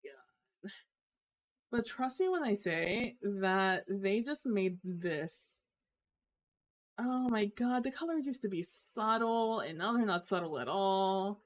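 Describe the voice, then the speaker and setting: A woman streaming live and chatting with her viewers in an unhurried, drawn-out way. She complains with theatrical exasperation and groans between her sentences. Her voice sits at a middle pitch. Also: expressive. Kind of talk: casual live-stream chat.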